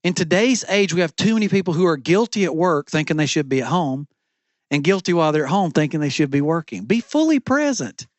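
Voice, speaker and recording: Man, middle-aged pastor, sermon, emphatic repeated phrases, fairly high voice, dry close sound. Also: fast, no room sound. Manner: emphatic, repetitive preaching cadence. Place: church stage.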